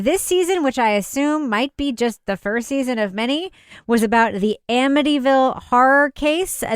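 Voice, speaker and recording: A woman's voice: high voice, clear, resonant tone, no room sound, studio quality. A woman hosting a podcast in casual chat, chatty and laughing easily. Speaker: podcast host.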